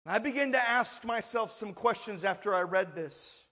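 High-voiced preacher in a reverberant hall. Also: male voice, bright, forceful tone. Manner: slow and emphatic, asks the listeners rhetorical questions. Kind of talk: sermon with scripture reading. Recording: long reverb in a large hall.

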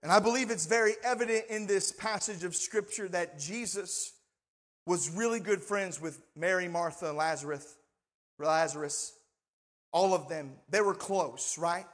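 Male preacher, high voice, slow deliberate delivery, emphatic rhetorical questions, long hall reverb. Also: a bit bright. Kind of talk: sermon with scripture reading.

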